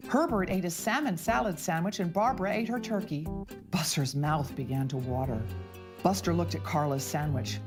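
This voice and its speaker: A woman narrating a children's storybook aloud for English learners, slow and expressive. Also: fairly low pitch. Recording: background music.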